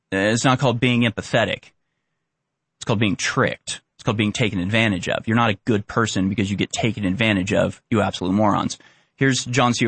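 A man's voice: on the low side, fairly bright tone, slightly rough, no echo. A man hosting a commentary show, ranting bluntly and with exasperation. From Houston area. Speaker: commentary host.

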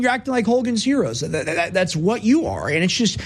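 A man's voice: sits high, very animated, a little fast, breathy edge. A man hosting a political commentary show, combative and mocking as he reads posts and answers them. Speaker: show host.

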